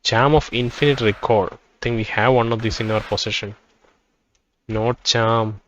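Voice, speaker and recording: A man playing a role-playing game, reading its text aloud and thinking out loud about what he finds. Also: on the low side, fairly even intonation, normal speed, lo-fi sound, a little hiss or hum. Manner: thinking aloud, reads dialogue in quoted turns. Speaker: let's play gamer.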